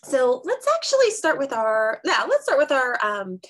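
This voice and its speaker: A woman teaching a small group of young children online, speaking in a slow, exaggerated, encouraging way and clapping out syllables. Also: sits high, wildly swooping pitch. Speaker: kindergarten teacher.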